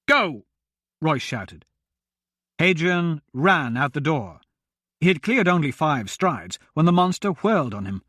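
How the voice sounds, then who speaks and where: A man narrating a fantasy audiobook in a measured, expressive reading. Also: on the high side, no echo, clean studio sound.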